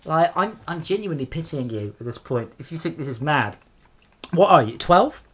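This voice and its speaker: Sarcastic husky streamer man. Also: a little high, expressive, moderate pace. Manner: sarcastic, scolding chat trolls. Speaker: game streamer. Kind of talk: live-stream chat with viewers.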